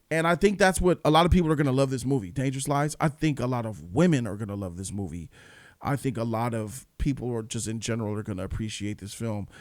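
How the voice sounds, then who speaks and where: A man hosting his own movie review channel, talking casually and ranting with animated outbursts as he retells scenes. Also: medium pitch, no echo, studio quality.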